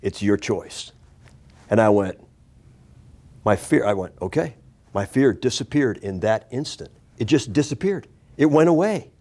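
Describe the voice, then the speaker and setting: A man in his sixties, a guest on a talk show, telling a story with lively energy and acting out the voices and shouts of the people in it. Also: mid-range voice, normal speed. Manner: animated, acts out voices and shouts in his stories.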